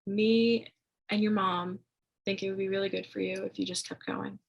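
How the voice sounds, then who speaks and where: A young woman with a husky, gravelly voice tells a personal story as an interview guest. Her talk is loose and chatty, full of fillers and restarts. Her pitch stays fairly flat. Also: moderate pace, rough recording. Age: young adult. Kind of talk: casual storytelling.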